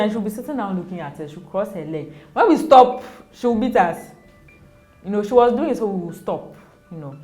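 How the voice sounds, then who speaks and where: A woman's voice: mid-range voice, animated, a little fast, dark tone, soft background music. A young Ghanaian mother in a casual interview, speaking animatedly, often laughing and acting out quoted voices. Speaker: interview guest, mother of two.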